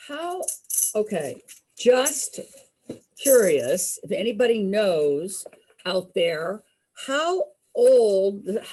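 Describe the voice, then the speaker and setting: A woman's voice: mid-range voice, a little mellow, slightly rough. A woman leading a group sing-along over a video call, cheerful and giving simple step-by-step directions.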